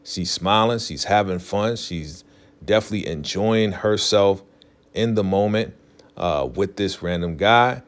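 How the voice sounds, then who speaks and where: A man with a low, deep voice walks through a TV episode in a relaxed, conversational way. He keeps leaning on fillers and restarts as he retells the scenes. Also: unhurried. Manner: loose, filler-heavy retelling, leans on "definitely" and "you know". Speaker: TV recap vlogger. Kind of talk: casual episode recap.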